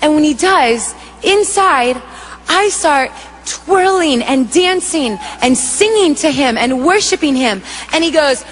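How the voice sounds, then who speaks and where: A woman giving an emotional spoken testimony, telling her story in a vivid, animated way. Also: high voice, slow pace, music in the background. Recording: echoey hall reverb.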